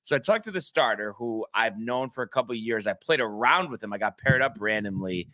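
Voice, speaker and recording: A man on a casual podcast, rambling through a story with lots of restarts and little acted-out quotes. His voice is bright and forward, sitting at a middle pitch. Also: expressive, brisk. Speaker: podcast co-host. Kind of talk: casual chat.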